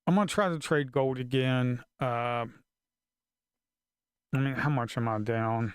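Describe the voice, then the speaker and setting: A man's voice: medium pitch, unhurried, clean tone, no echo, clean studio sound. A man live-streaming his futures trading, talking to himself in a casual, frustrated way and swearing under his breath.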